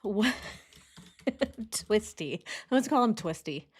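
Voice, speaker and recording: A woman's voice: medium pitch, lively intonation, slow pace, breathy edge. A woman chatting casually and joking as she comments on a true crime video, laughing often.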